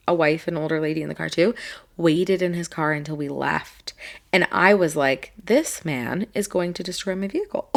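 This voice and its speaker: A woman's voice: on the low side, a bit bright. A woman co-hosting a podcast, telling a story in a casual chat, swearing freely and acting out a heated exchange. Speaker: podcast co-host.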